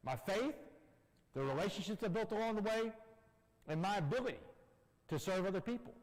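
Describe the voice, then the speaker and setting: Husky guy giving a fast lively talk in an echoey church hall, acts out all the voices. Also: sits high. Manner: animated storytelling, acts out dialogue. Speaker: guest speaker. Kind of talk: motivational talk.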